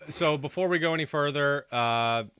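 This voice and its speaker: Male postgame host, bright dry tone, casual and profane. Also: on the high side, moderate pace, clean tone, dry recording. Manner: loose, swearing, runs the panel. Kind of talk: casual podcast chat.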